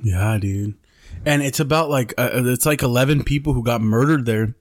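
A man's voice: medium pitch, normal speed, no echo, clean studio sound. A man co-hosting a podcast, telling a story in laid-back casual chat, swearing freely and calling people bro and dude. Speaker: podcast co-host.

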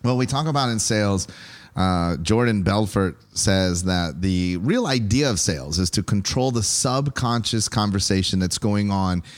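Low-voiced man hosting a podcast. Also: expressive, normal speed. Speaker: podcast host. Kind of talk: casual podcast chat.

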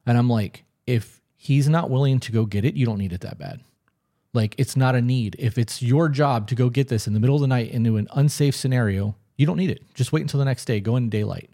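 A man's voice: mid-range voice, brisk, dark tone. A man co-hosting a casual podcast conversation, talking in a blunt, emphatic way with frequent swearing. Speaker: podcast co-host.

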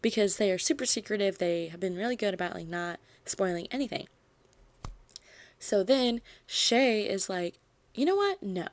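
A woman in the middle of her range recaps a novel for her podcast, chatty and animated, filling her sentences with "like." The sound is close and dry, with no room around her voice. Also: mid-range voice, normal speed, no echo. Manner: animated storytelling, frequent "like" fillers. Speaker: book podcast host. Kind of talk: chatty book review, retelling a plot.

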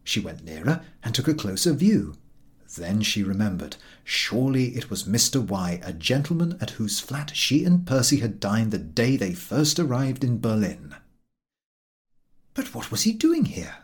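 A man narrating a classic novel as an audiobook, with dramatic, expressive storytelling. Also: on the low side, moderate pace.

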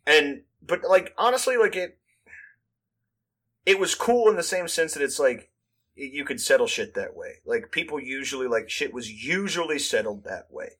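A man's voice: on the high side, lively intonation, moderate pace, fairly bright tone, husky. A man around thirty telling rambling, profane school stories in casual chat, full of "like" fillers and acted-out quotes.

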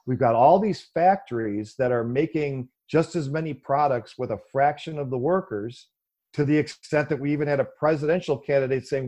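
Speaking at normal speed, a man gives a lengthy, conversational answer to an interview question as a guest explaining economics. He's animated and packs in fillers, occasionally mimicking views he disagrees with in a raised pitch to mock them.

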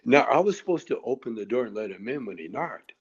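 A man's voice: mid-range voice, very animated, fast talker, breathy edge. A man telling stories as a podcast guest at home, laughing often as he talks. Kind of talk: casual storytelling. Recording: slightly dull lo-fi recording.

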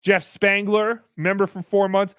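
A man's voice: high voice, level tone, a little slow, fairly bright tone, clear, resonant tone, no echo, clean studio sound. A man voicing a brash, foul-mouthed puppet who hosts a live-stream show, reading paid messages with crude, sarcastic asides. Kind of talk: live-stream character chat.

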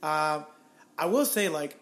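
Relaxed, teasing young podcast co-host. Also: male voice, fairly high pitch, slow. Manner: relaxed, teasing, repeats short reactions. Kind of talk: casual sports chat.

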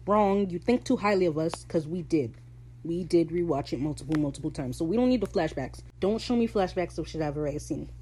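A woman with a fairly low voice hosts a casual recap podcast, talking in an animated, slangy way. She swears freely and laughs between lines. A faint hum runs under her voice. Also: rough recording. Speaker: podcast host.

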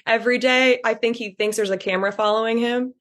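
Young female co-host, blunt, quick retorts, casual chat. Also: fairly high pitch, steady tone, fairly bright tone. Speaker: podcast co-host.

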